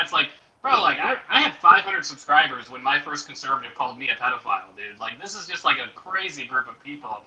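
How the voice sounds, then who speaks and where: Fast, exasperated male guest, distant roomy mic, crowd noise behind. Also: medium pitch, very animated. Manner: exasperated, profane, mocking voices. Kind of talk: casual political talk.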